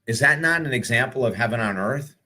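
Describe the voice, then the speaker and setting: A man who is an author and speaker, telling spiritual stories to live viewers in an earnest, animated way, full of rhetorical questions. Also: medium pitch, fairly quick.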